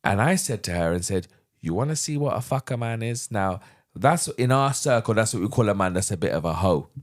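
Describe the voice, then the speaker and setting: With a lowish voice and a slightly fast pace, a middle-aged Londoner on a podcast candidly relates a personal story. His telling is animated and vivid, and he acts out each line of dialogue.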